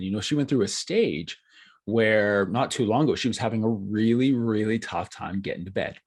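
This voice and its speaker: A man's voice: fairly low pitch, darkish tone, husky. A man hosting a podcast, chatting with enthusiasm and agreeing often. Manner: enthusiastic, quick affirmations. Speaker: podcast host. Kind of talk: casual conversation.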